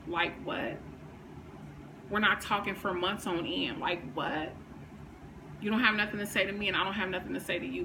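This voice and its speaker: A woman, talking candidly on her vlog, emotional and faith-filled, swinging from hushed to fired up. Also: mid-range voice, background noise. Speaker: vlogger. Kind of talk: candid personal vlog talk.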